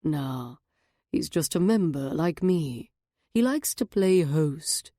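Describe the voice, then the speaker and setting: A woman voicing a reserved man who explains things quietly and matter-of-factly. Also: on the high side, lively intonation, takes it slowly, no room sound, studio quality. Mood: explaining.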